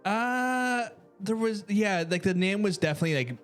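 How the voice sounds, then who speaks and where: Man, rambling giggly co-host, slightly high voice, faint music underneath. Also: animated, moderate pace. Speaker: co-host of a gaming talk show. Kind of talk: casual chat.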